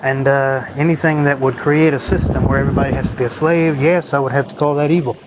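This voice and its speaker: A man's voice: medium pitch, fairly even intonation, fast talker, noisy background. A man hosting a solo livestream, rambling in a brooding, bitter way about life. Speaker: livestream host.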